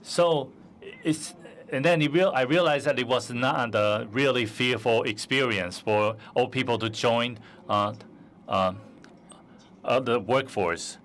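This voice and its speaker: A man's voice: mid-range voice, a little slow, fairly bright tone, a little hiss or hum. A man telling a personal anecdote on a conference stage, hesitant with many fillers, into a stage microphone. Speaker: forum speaker.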